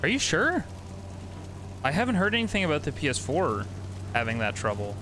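A man's voice: on the high side, huge pitch swings, a little fast, noisy background. A young man streaming a video game, chatting with viewers and swearing freely as he plays. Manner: swears freely, chats to viewers while playing. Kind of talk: casual gameplay commentary with chat. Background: game music and sound effects.

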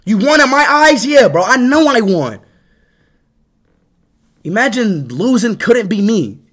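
A man's voice: extremely high pitch, sing-song, unhurried, fairly bright tone. A young man livestreaming, ranting at his chat with constant swearing and repeated "bro".

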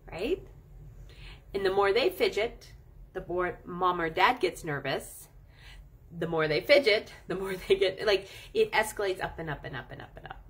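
Husky, playful woman coaching pet owners. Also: on the low side. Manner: animated, playful, drawn-out emphasis. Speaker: animal chiropractor and channel host. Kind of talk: casual coaching talk to camera.

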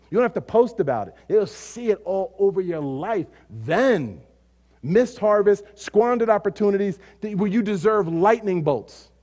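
A man preaching a sermon as pastor. He rises to loud, emphatic declarations, drops to quiet, low asides, and repeats phrases in rhythmic runs.

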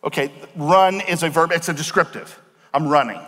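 A man preaching a sermon as pastor, explaining words slowly and asking the congregation questions. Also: on the high side, a bit bright. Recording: long hall reverb.

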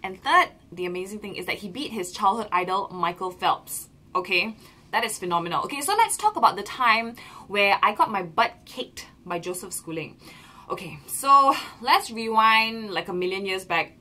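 A young woman with a Malaysian English accent, telling a story in a casual vlog from a small room, bubbly and animated. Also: medium pitch, normal speed. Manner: bubbly, animated, lots of "lah" and "okay". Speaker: vlogger.

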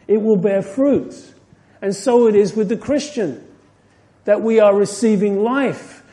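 A man giving an expository Bible teaching in an earnest way. His voice sits fairly high but has a mellow, warm tone. He lifts his voice to stress a point and lets it fall soft at the close. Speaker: pastor.

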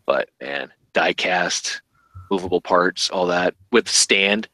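Guy hosting a toy podcast, kinda low voice, bright tone, rambles w/ lots of ums. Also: slow pace, no echo, poor audio. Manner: rambling, thinking aloud with fillers. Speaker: podcast host. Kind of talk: casual chat about collectible toys.

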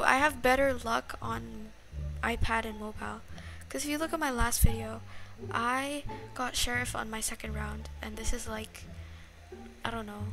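A woman's voice: a little high, normal speed, gravelly, music in the background. A young woman giving casual, dramatic gameplay commentary to her viewers. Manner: dramatic, excitable, talks to viewers as y'all. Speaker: gaming YouTuber.

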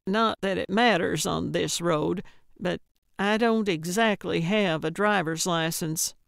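An elderly, self-assured amateur sleuth, as a woman narrator puts her on. She speaks slowly and with confidence, in a smooth, clear voice with a dry studio sound. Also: fairly low pitch, no echo. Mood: confident. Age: older.

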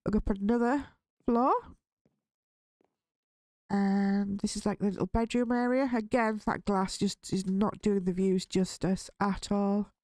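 A woman's voice: mid-range voice, steady tone, a little slow, darkish tone, dry recording. Gaming host, female, easygoing let's-play patter, jumpy in scary moments, dry close sound. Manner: chatty, easily spooked, nervous laughs. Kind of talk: relaxed Minecraft let's play commentary.

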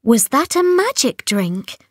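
A woman's voice: sits high, big pitch swings, no room sound, studio quality, pitched above the performer's own voice, heavily acted. A woman reading a storybook aloud, voicing a brave, eager young heroine in a raised, earnest voice. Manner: quick, bright and earnest.

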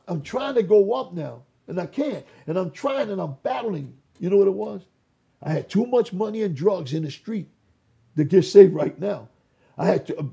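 A man giving a testimony in an interview, storytelling in an animated way and acting out the voices of people he quotes. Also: sits high, vocal fry, slightly rough. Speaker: interview guest.

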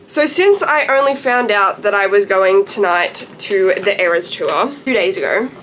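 A woman's voice: medium pitch, fairly bright tone, a little hiss or hum. A young woman, vlogging in a gushing, breathless way and squealing in disbelief. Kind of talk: excited casual vlog chat.

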